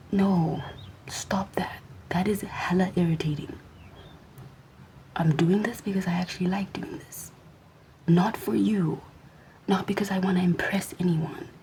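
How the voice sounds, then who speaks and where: Young woman vlogger, whispered sassy rant, mellow tone, light background hiss. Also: mid-range voice, rough recording.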